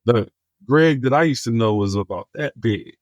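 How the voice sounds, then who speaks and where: A man's voice: medium pitch, normal speed, no room sound, highs cut off. A man, a guest in a podcast interview, telling stories and acting out the dialogue in them. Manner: animated storyteller acting out quoted dialogue. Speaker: guest, homelessness outreach worker.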